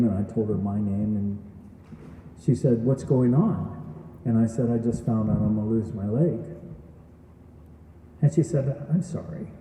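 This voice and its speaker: A man's voice: medium pitch, dark tone, slight background noise. A man giving an earnest testimonial speech at a graduation event, telling his story and asking the audience questions. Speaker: graduation speaker. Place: event hall. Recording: echoey hall from far off.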